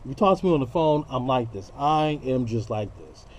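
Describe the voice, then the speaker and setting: A man's voice: medium pitch, animated, a little fast. A man ranting straight to camera in an unscripted vlog, blunt, profane and slangy, preaching about love. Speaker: vlogger.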